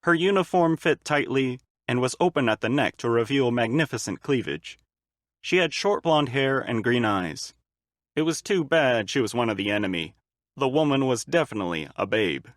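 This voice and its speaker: A man reading a fan-made audiobook in a steady, even storytelling manner. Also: medium pitch, moderate pace, no echo, studio quality. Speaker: audiobook narrator.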